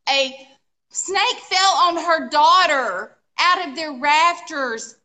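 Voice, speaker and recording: A woman, co-hosting a live furniture painting show and telling animated, exclamatory stories full of sound effects. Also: high voice, slow. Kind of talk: casual storytelling chat.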